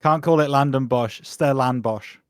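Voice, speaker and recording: A man's voice: medium pitch, fast, dry recording, studio quality. A man on a live stream who teases the host. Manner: teasing, ribbing.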